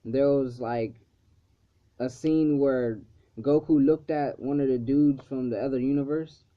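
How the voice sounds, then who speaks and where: A man's voice: medium pitch, steady tone, unhurried. A man casually recapping a cartoon episode, rambling with lots of fillers and swearing freely. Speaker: episode reviewer. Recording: slightly dull lo-fi recording.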